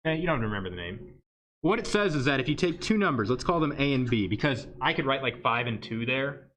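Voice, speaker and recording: Bright, lively male math teacher. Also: medium pitch, a little fast. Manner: joking, asks "right?" constantly. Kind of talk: livestreamed math lesson.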